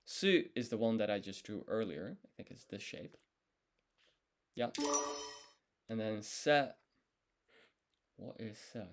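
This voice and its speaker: A man with a somewhat low voice talks through his study session on a live stream. He thinks aloud, pauses, second-guesses his answers and redoes them, all in a relaxed, casual manner. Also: a little hiss or hum.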